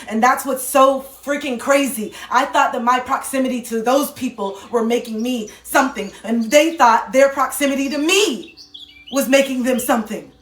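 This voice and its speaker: A woman's voice: high voice, moderate pace, distant mic, a little hiss or hum. A woman giving an impassioned livestream monologue into her phone, emphatic and swearing, repeating lines for effect. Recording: echoey room, voice set back from the phone.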